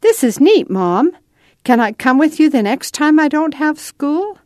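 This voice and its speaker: A woman doing an eager, high-voiced young boy. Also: unhurried, no room sound, studio quality. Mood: excited. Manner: high-pitched, excited questions. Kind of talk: storybook read-aloud.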